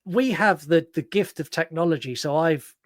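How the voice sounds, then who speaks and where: A British man co-hosting a podcast in casual chat, with a slightly high voice and a dry, close sound. He teases his co-host and reads out listener captions, peppered with fillers. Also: normal speed, dry recording.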